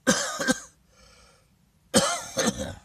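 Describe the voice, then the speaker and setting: A man's voice: very slow, sharp tone. An older man telling a vivid, profane personal story in an earnest way.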